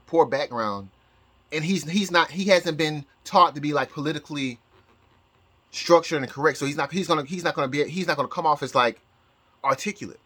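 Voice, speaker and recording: A man's voice: fairly high pitch, fairly bright tone. A man talking in a casual vlog as a psychic, rambling with many restarts and bursts of laughter. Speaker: psychic YouTuber.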